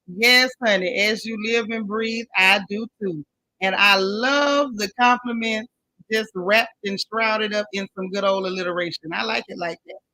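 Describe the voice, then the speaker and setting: A woman's voice: medium pitch, unhurried, sharp tone, slight background noise, poor audio. A woman hosting a casual live stream, chatting with viewers and greeting each one by name in folksy slang.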